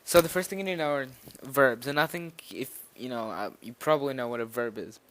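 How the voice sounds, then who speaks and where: A man's voice: medium pitch, fairly quick, a bit bright. A nervous young man giving an informal spoken language lesson, rambling a little with fillers and restarts as he explains. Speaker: language teacher.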